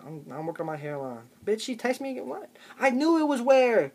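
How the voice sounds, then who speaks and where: An extremely high-pitched young man with a darkish tone and big swings in pitch rants a little fast to camera. The vlogger's comedy is sarcastic, and he punctuates his points with "okay?"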